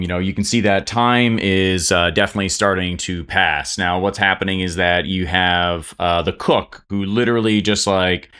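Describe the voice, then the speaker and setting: A man's voice: sits low, bright, forceful tone, clean tone. A man narrating a tabletop game as game master, rambling with many fillers.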